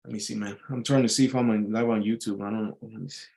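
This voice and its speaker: A man's voice: lowish voice, fairly even intonation, fast talker, gravelly, warm tone. A man rambling casually to his live stream audience, swearing freely and filling his talk with fillers and restarts. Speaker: YouTube livestreamer. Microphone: live stream mic.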